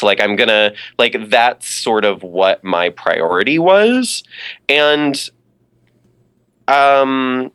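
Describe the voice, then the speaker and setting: Podcast guest, young man, animated bright voice, chatty with lots of fillers. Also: mid-range voice, slow pace, clear, resonant tone. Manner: lively, many fillers and restarts. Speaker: podcast guest, drag performer. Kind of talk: casual interview chat.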